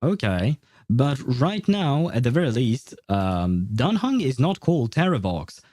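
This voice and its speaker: A man's voice: medium pitch, sing-song, measured pace, darkish tone, no echo. A man streaming a game, chatting casually and thinking aloud with many fillers and restarts. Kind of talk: casual livestream chat.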